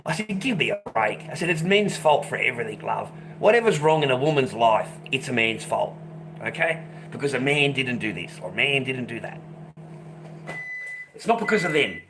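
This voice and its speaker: A man's voice: medium pitch, animated, normal speed. Profane ranting man, noisy background. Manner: profane, ranting, repeats himself. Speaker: vlogger. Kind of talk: casual rant to camera.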